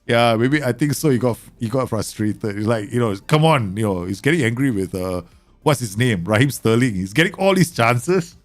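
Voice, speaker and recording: A man commentating live on a football management game, excitable and teasing, bursting into exclamations. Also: mid-range voice, normal speed, soft background music.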